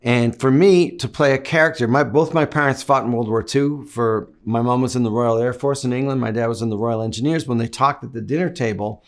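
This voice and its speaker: Middle-aged canadian guy musing through a long interview answer, ordinary pitch. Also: fairly quick, hardly any pauses. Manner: reflective, thoughtful, long winding answers. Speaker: actor guest.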